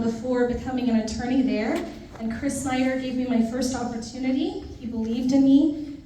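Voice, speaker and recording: A woman's voice: on the high side, dark tone, a little hiss or hum. Woman speaking at a ceremony from afar. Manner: heartfelt, lists names, tells light funny stories. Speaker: newly sworn judge giving a thank-you speech. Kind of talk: formal ceremony speech with personal anecdotes. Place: large indoor ceremony room. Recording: distant mic in a reverberant hall.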